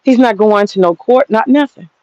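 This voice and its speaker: A woman's voice: medium pitch, normal speed, darkish tone, lo-fi sound, slight background noise. An American woman hosting a livestream, ranting bluntly and profanely while reading the chat. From United States. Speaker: livestream host.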